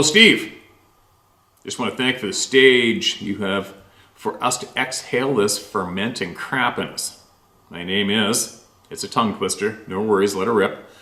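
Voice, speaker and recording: A man's voice: lowish voice, bright, forceful tone, reverberant. A man hosting a show, reading a listener's letter aloud and then rambling casually about it with many fillers. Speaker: host reading listener stories.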